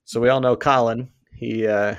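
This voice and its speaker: A man's voice: mid-range voice, steady tone, normal speed, smooth, no echo, muffled recording. Boston-accented male podcast co-host, casual and jokey, dry close mic. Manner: laughs often, reads ad reads upbeat. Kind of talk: casual sports and movie chat.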